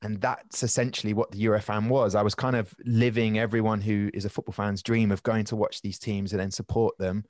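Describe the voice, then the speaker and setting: A man in his twenties or thirties, a podcast guest, telling long rambling anecdotes in casual chat with animated restarts and quick asides. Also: fairly low pitch, no room sound.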